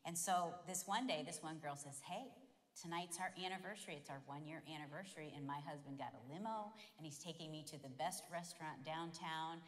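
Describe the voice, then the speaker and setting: A woman's voice: low voice, a little fast. Candid woman co-speaking in a church. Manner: candid, playful, chimes in with stories. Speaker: pastor's wife and co-speaker. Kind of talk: sermon with personal stories. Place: church auditorium. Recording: long hall reverb in church.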